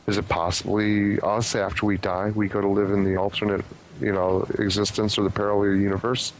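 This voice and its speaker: A man's voice: fairly low pitch, flat delivery, brisk, slight background noise, low-quality recording. A man being interviewed as a paranormal investigator, explaining his theories in an earnest, speculative way. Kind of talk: casual podcast interview.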